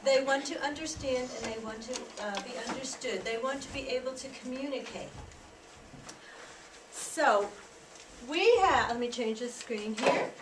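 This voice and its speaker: Animated American woman teaching in an echoey room. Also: high voice, measured pace, background noise. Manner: animated, emphatic, demonstrates sounds aloud. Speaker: tutor trainer. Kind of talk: teaching workshop presentation. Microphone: distant room mic. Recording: echoey room from a distance, faint ambience.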